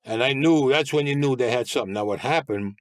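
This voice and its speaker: An older man tells his stories in a blunt, streetwise way and swears freely. His voice sits at an ordinary pitch, and the recording is dry and close with no room sound. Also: fast talker, no room sound. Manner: blunt, streetwise storytelling with profanity. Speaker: interview guest. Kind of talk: casual storytelling.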